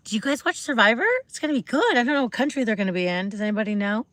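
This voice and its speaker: A woman's voice: on the high side, animated, fairly quick, bright, forceful tone, dry recording. Bubbly chatty woman on a dry mic. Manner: bubbly, chatty, greets viewers and asks questions; rambling, with many fillers and restarts. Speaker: livestream host. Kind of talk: casual livestream chat with viewers.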